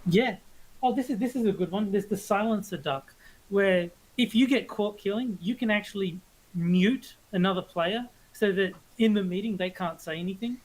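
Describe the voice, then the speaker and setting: A man chats casually on a podcast and explains the rules of a game piece by piece. He talks in an easygoing way, often pausing with fillers and restarting his sentences before he gets to the point. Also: high-pitched, poor audio. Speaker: podcast co-host.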